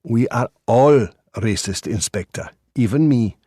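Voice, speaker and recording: A man narrating an audiobook voices an earnest, principled lawyer who speaks in a measured way. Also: medium pitch, dark tone, breathy edge, no echo, studio quality.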